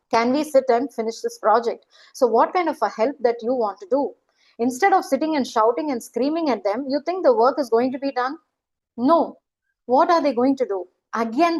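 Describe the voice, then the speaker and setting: A woman's voice: high-pitched, darkish tone, low-quality recording. A middle-aged woman, giving an earnest, questioning motivational talk as a life coach. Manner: acts out quoted voices.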